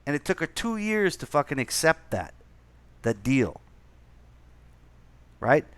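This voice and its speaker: A man's voice: a little high, very animated, slow, a bit bright, clear, resonant tone, no echo. A man from Canada in casual chat, rambling and swearing with many restarts.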